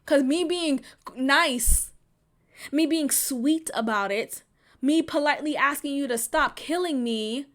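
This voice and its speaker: A woman hosting a podcast, giving impassioned and profane solo commentary that moves between tired, quiet stretches and angry outbursts. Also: high-pitched, slow pace. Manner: fiery, profane, swings from weary to shouting. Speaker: podcast host.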